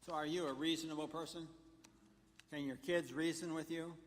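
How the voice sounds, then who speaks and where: In a church sanctuary full of long reverb, a male pastor delivers a sermon at normal speed. His voice is on the high side with fairly even intonation, and he works through numbered points while cracking jokes.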